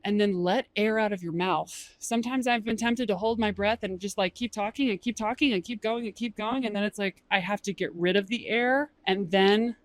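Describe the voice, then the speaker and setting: A woman giving casual workplace advice to camera, chatty and animated, full of "like" fillers. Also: moderate pace, few pauses, dry recording. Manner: chatty, animated, acts out quotes with big pitch jumps; frequent "like" fillers. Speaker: HR and workplace engagement host.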